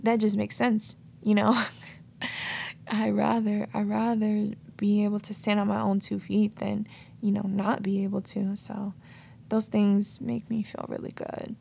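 A woman's voice: medium pitch, completely flat delivery, unhurried, gravelly, a little mellow, slight background noise. A woman hosting a reflective solo podcast, telling stories in a casual, earnest way. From United States. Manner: casual, earnest, storytelling with many "like" and "you know". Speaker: podcast host. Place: New York City.

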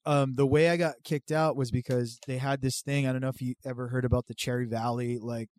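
A man's voice: medium pitch, brisk, no echo. A man telling a story in casual chat, swearing freely and acting out what others said. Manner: profane, animated storytelling. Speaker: podcast guest telling a story.

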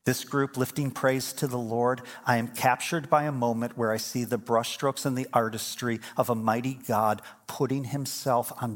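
A middle-aged man preaching a sermon as pastor, telling stories and building to emphatic, fervent points. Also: mid-range voice. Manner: storytelling, swings from quiet to emphatic.

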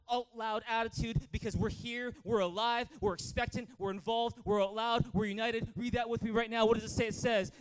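A man with a Canadian accent preaching a lively sermon in church, calling for amens and acting out a childhood story. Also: high-pitched, smooth. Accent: Canadian English. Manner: energetic, calls for amens, tells stories with acted-out voices. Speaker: pastor.

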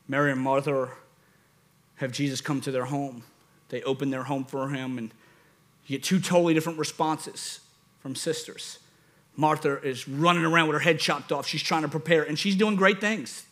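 New orleans preacher man, high bright voice, fired-up sermon, goes loud then hushed. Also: steady tone, normal speed. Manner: impassioned, rising to near-shouts, then dropping to soft.

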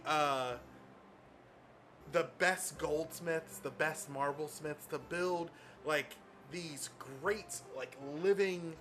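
A man's voice: on the high side, pushed and bright, slight background noise. A man narrating as game master in a tabletop game, describing scenes casually with many fillers.

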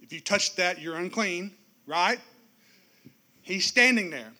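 Male pastor, high bright tenor, animated sermon delivery. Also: slow pace. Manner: animated, with sudden swings between loud and hushed; joking, speaks straight to the congregation.

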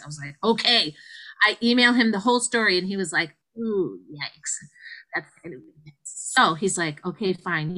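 A middle-aged woman with a bright, forceful voice tells her story as an interview guest. She is animated, acting out quotes with sudden high leaps in her voice. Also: poor audio. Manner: animated, acts out quotes with big pitch jumps. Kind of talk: conversational storytelling.

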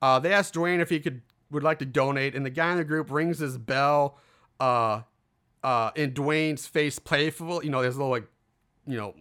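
A man's voice: medium pitch, moderate pace, fairly bright tone, clear, resonant tone. A man casually recapping a film's plot, rambling with fillers and acting out the lines of the characters. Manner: rambling, lots of fillers, acts out quotes. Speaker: podcast co-host recapping a film.

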